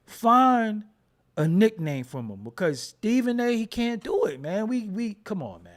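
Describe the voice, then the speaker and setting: A man's voice: high-pitched, sing-song, a little slow. A man hosting a casual commentary show, joking and riffing in slangy with frequent laughs. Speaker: host.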